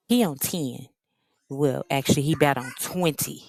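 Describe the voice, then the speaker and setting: A woman hosting her own reaction channel, recapping a reality TV episode in a sassy, slangy, animated way. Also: a bass voice, moderate pace, creaky, no echo. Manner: animated, slangy, sassy storyteller who acts out the quotes. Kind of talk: casual reality-TV recap commentary.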